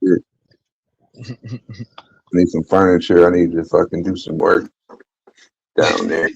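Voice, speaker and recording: Deep-voiced laid-back man, casual slang. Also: steady tone, takes it slowly, creaky, darkish tone, slightly rough, no echo, highs cut off. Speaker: podcast host. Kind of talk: casual chat.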